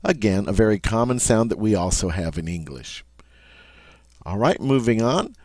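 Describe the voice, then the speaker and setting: Low-voiced man teaching a language lesson. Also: animated, normal speed, darkish tone, dry recording. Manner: patient, checks in with "all right?". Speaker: French teacher.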